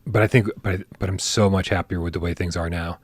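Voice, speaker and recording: A man's voice: deep voice, steady tone, brisk, breathy edge, dry recording. A man hosting a casual live stream, chatty and joking as he reads out viewer tips. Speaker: podcast host.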